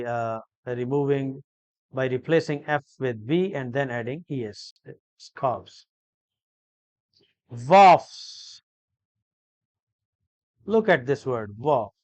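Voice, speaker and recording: A man of middle pitch gives a grammar lesson at a very unhurried pace, pausing often with hesitant fillers. His voice is close and dry, with no room sound around it. He explains step by step and repeats key phrases. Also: dry recording. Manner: slow, deliberate, repetitive explanation with many hesitations. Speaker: English grammar teacher.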